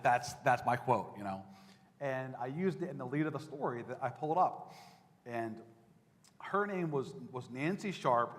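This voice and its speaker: A male political reporter recounts his time on the campaign trail to a live audience, loose and conversational, full of asides and restarts. His voice sits at an ordinary middle pitch. A long hall reverb trails behind every word. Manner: anecdotal, conversational, with fillers and restarts. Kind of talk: talk to an audience.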